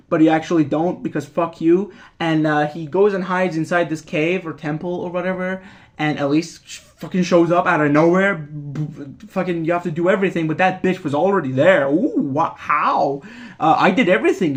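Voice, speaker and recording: A man giving a rambling, profane, casual recap of a video game, often laughing at it. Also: a little high. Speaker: gaming video creator.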